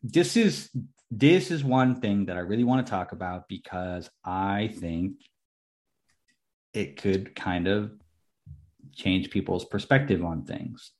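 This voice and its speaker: A young man co-hosting a casual chat, excitable and swearing freely, laughing often. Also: sits low, slow. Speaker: podcast co-host.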